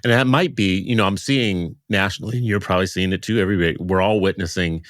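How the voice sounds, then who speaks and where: Male interview host, very low voice, rambling and self-deprecating, dry studio mic. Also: quick pace, dry recording. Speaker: podcast host. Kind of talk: conversational interview.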